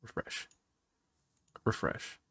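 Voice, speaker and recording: A man acting as game master, chatting casually and muttering to himself as he sets up software for a tabletop game. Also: extremely slow, dry recording. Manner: mutters to himself while clicking through software. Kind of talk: casual chat while setting up a tabletop game.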